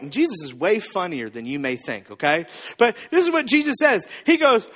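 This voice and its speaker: A man preaching a sermon as pastor, telling the story in an animated, joking way. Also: sits high, brisk, long reverb tail. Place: church.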